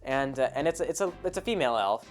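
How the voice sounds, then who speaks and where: A man's voice: mid-range voice, lively intonation, quick pace, faint music behind. A man hosting a podcast, casually retelling a tabletop game session in a chatty, rambling way full of asides. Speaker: podcast host. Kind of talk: casual storytelling.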